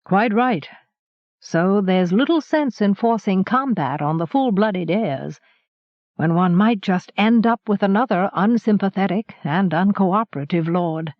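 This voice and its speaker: A woman narrator voicing a shrewd middle-aged male master harper, measured and thoughtful, on a dull lo-fi audiobook recording. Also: mid-range voice, no echo, close to an everyday voice.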